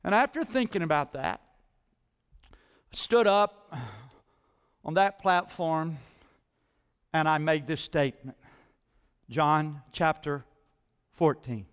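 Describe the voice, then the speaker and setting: A male pastor preaching a sermon in a church, moving between quiet asides and loud, rising declarations. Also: fairly high pitch, slow, pauses often, clear, resonant tone, big-room sound. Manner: dynamic preaching, swinging from soft asides to loud climbs. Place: church sanctuary.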